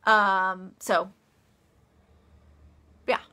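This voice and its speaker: Woman author, casual live-stream Q&A, bright tone, bubbly with lots of laughs and ums. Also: medium pitch, moderate pace. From United States. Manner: chatty, laughs often, many ums and restarts. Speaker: author answering live chat questions. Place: office.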